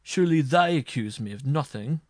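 A man reading aloud and voicing an arrogant, hot-tempered noble marshal on trial, who blusters loudly and indignantly. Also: medium pitch, normal speed, no echo, studio quality, natural voice. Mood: frightened.

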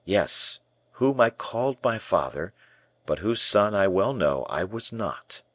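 A proud, earnest young prisoner who presses each question with quiet defiance, read by a man. The voice sits a little above a low baseline, with lively rises and falls. The sound is close and dry. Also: slow pace, no room sound, heavily acted.

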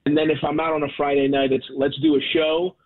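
A man's voice: fairly high pitch, very animated, quick pace, gravelly. A man, a comedian guest chatting casually, rambling and self-deprecating with many fillers and restarts. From Baltimore. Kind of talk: casual phone interview. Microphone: phone. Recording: tinny phone line.

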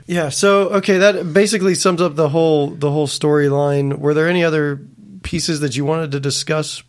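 A man hosting a comics podcast in casual chat, relaxed as he steers the discussion. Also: on the high side, normal speed.

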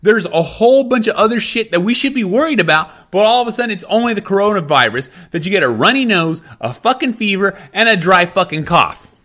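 Heated, profane man with a lively high voice. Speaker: parent venting on camera. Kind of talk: angry profane rant.

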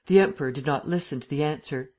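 A reader narrating a classic novel as an audiobook in a steady, measured way. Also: medium pitch.

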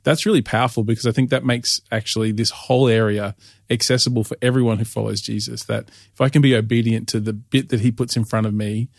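An Australian man interviews a guest as a pastor and host, working through long, thoughtful questions. His pitch sits in the middle range. The recording is close and dry. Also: steady tone, quick pace, vocal fry, dry recording.

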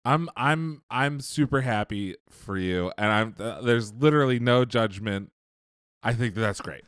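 A man co-hosting a podcast, telling stories in casual chat, animated and profane, laughing often. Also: mid-range voice, a little slow, clean tone, dry recording, clean studio sound. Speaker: podcast co-host.

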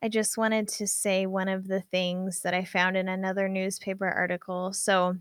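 A woman co-hosting a podcast in casual chat, animated, reading out news quotes. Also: medium pitch, normal speed, clear, resonant tone, no room sound, clean studio sound. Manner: animated, reads quotes from newspaper articles. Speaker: podcast co-host.

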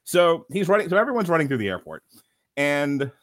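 A man's voice: on the high side, very animated, a little fast, a bit bright, no room sound. Man, podcast co-host, casual movie review, sardonic, profane, dry close sound.

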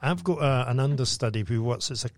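A man's voice: mid-range voice, quick pace, dry recording. A Scottish man ranting in a casual chat, sardonic and swearing heavily.

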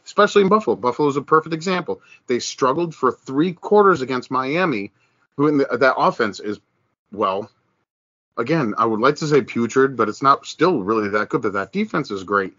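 A man's voice: mid-range voice, animated, normal speed, a bit bright, dry recording, lo-fi sound. A man co-hosting a podcast, talking casually and animatedly about football, with many restarts and mocking voices when he quotes other people. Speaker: podcast co-host. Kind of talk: casual sports chat.

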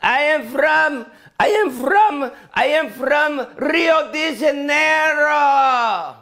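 A man voicing a young woman in a nightclub who shouts her answers slowly and loudly over the noise. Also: very high voice, expressive, gravelly, pitched above the performer's own voice, full character voice. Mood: shouting. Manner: loud, slow, drawn-out shouting.

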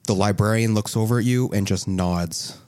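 A low-voiced man running a tabletop game as game master. He narrates in a joking, rambling way, restarting his sentences often. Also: normal speed, a little mellow.

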